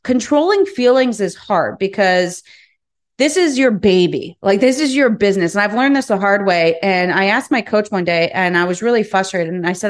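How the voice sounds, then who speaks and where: A woman's voice: mid-range voice, lively intonation, moderate pace. Blunt, frank woman podcast host. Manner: blunt and frank, swears, repeats words as she thinks. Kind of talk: candid monologue on business lessons.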